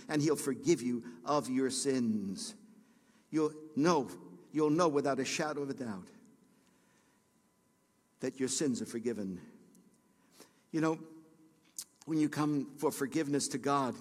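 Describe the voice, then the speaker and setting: A middle-aged man preaching a sermon to his congregation, swinging from hushed, low passages to loud, high, shouted peaks. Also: breathy edge, long reverb tail. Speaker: pastor. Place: church sanctuary.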